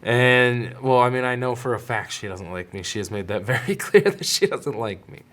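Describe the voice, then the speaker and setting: A man's voice: medium pitch, lively intonation, normal speed, a bit bright. A man in his thirties, hosting a podcast, who tells a personal story in a loose, rambling way, with restarts and quoted dialogue. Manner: rambling, self-interrupting, with laughs and quoted voices. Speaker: podcast host. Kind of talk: casual storytelling monologue.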